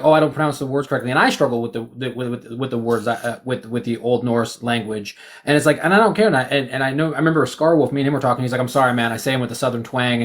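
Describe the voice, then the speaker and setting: A man joining a casual group discussion, talking bluntly with profanity and lots of stammered restarts. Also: medium pitch. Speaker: guest.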